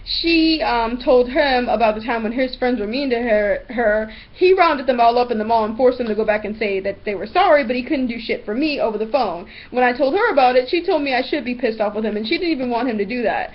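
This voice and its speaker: A teenage girl telling a story in a vlog, blunt and animated, swearing freely. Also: a little high, fairly quick, few pauses. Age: teens. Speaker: vlogger. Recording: dull lo-fi webcam audio.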